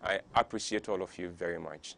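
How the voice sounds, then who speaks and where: A man's voice: deep voice, fairly even intonation, fairly quick, vocal fry, fairly bright tone. A man from Ghana with a Ghanaian English accent hosting a talk show, delivering an impassioned monologue full of rhetorical questions. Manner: preachy, fires off rhetorical questions; gets worked up.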